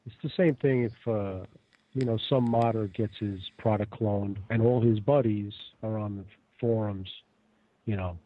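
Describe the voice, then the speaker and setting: A man's voice: fairly low pitch, normal speed, no room sound. Man on a tinny phone-like line. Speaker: guest. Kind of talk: casual podcast chat.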